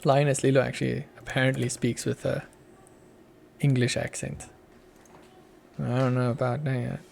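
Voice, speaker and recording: Australian dev streamer, young guy, low mellow voice with a gravelly edge, thinks out loud. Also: level tone, moderate pace, a little hiss or hum. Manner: muttering to himself while working, chuckling. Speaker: streamer, app developer. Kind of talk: casual live coding stream.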